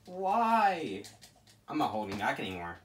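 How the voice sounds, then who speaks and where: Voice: mid-range voice, wildly swooping pitch, measured pace. A gamer giving live commentary over a fighting game, exasperated, exclaiming and pleading at the opponent. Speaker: let's play gamer.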